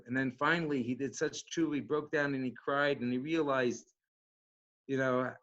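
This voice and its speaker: A rabbi speaking in a casual, halting way with many restarts and fillers. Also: male voice, medium pitch, fairly bright tone. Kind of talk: casual talk. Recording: dull lo-fi sound.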